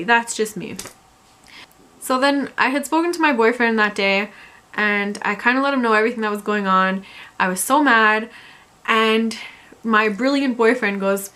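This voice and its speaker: A young woman telling a storytime vlog in an exasperated, animated way. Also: on the high side, moderate pace. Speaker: vlogger.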